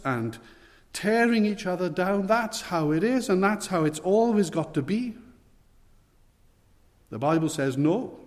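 A man preaching a sermon, earnest and emphatic, slowing down on the words he wants to stress. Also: sits high, darkish tone. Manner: earnest, emphatic, slows for weight. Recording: long hall reverb.

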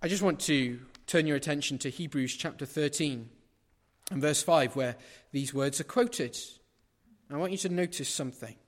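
A middle-aged man preaching in a church, his fairly high voice carrying with a long hall reverb. He is emphatic and drives his points home by repeating phrases. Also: moderate pace. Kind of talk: sermon.

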